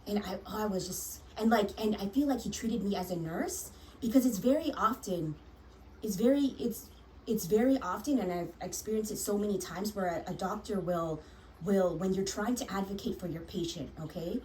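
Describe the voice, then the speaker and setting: A woman's voice: mid-range voice, normal speed, a little mellow, distant mic, a little hiss or hum, rough recording. Heated, swearing woman telling a story. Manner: frank and heated, swears often, many restarts. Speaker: nurse sharing a personal story. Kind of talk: candid personal storytelling.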